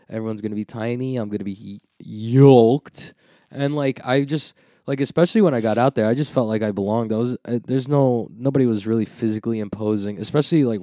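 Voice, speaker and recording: A man's voice: fairly low pitch, no room sound, clean studio sound. A man co-hosting a podcast, chatting casually and joking around. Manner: jokey, animated, slips into mock voices. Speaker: podcast co-host. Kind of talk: casual banter.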